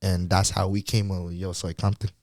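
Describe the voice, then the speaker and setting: A man's voice: sits low, little pitch movement, brisk, darkish tone, no echo, studio quality. A man guesting on a podcast interview, talking in a laid-back, slangy way and laughing often. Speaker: guest singer.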